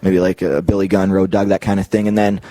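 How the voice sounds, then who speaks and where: A Canadian man in his thirties, a guest in a casual interview, tells backstage stories in a low-pitched, fast voice with no room sound. He's animated, laughs a lot, and acts out the voices of the people he quotes.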